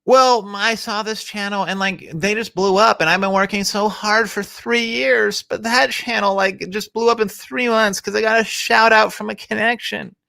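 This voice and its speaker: A man putting on the voice of a whiny, self-pitying young video creator who complains in a drawn-out way. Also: sits high, steady tone, gravelly, sharp tone, pitched above the performer's own voice, full character voice.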